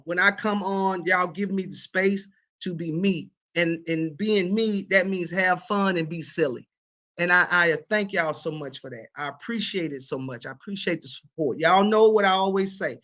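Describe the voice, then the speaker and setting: Bright-voiced woman livestream host. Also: fairly low pitch, moderate pace, low-quality recording. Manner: animated, laughing, colloquial Southern-tinged speech with repetitions. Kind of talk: casual livestream chat reading viewer comments.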